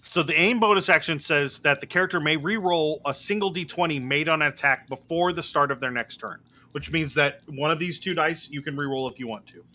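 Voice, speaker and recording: Need a male game master with a slightly high, bright voice, methodical and filler-heavy at the table. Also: a little fast, few pauses. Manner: methodical, explains rules with many fillers.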